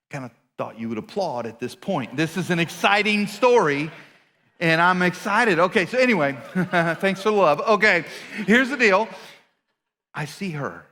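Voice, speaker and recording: Lively, bright-voiced man preaching in a hall. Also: on the high side. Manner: playful, self-mocking storyteller who teases the audience. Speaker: pastor. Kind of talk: storytelling sermon. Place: church auditorium.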